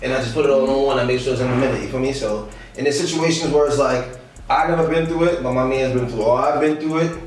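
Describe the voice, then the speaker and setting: A man's voice: mid-range voice, quick pace, slight background noise. A young man, a comedian guest, telling stories in a casual interview, slangy and laughing often. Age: young adult. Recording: echoey room, distant mic.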